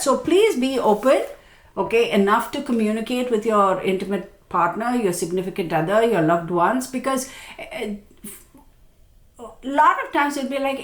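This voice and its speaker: A woman talks her viewers through a yearly astrology forecast in a loose, chatty way, poking fun at herself and asking "okay?" as she goes. Her voice sits at an ordinary middle pitch. The room around her rings with echo. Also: lively intonation, moderate pace. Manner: chatty and self-mocking, keeps checking in with "okay?". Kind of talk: casual forecast monologue to viewers. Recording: echoey room.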